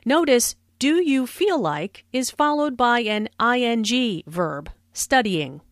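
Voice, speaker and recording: A woman slowly explaining English phrases in a scripted language lesson. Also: fairly high pitch, lively intonation, no echo, studio quality. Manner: slow, careful explanation. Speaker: language teacher.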